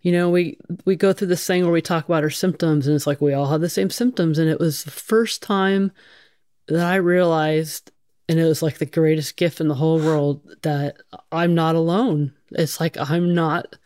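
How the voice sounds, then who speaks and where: A woman's voice: low voice, steady tone, moderate pace, a little mellow, no room sound, studio quality. A middle-aged woman firefighter telling her own story in a blunt, casual way, swearing freely and using many fillers. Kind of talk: candid conversational storytelling.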